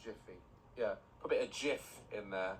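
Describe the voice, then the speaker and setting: A man's voice: on the low side, moderate pace, rough recording. A man streaming a game, giving mocking, exasperated commentary. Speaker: gaming streamer. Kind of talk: sarcastic reaction commentary.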